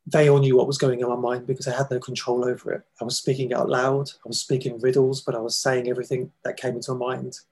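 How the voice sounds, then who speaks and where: A man telling a personal story in an interview, earnest and halting, with emotional pauses. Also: mid-range voice, level tone, a little mellow, husky, rough recording. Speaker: guest, foundation founder.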